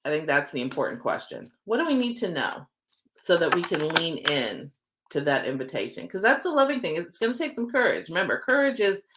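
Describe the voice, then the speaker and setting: Animated woman giving a livestream card reading. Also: lowish voice, brisk. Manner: animated, chatty, playful, with casual swearing. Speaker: oracle card reader and manifesting coach. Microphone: desk setup with computer screens.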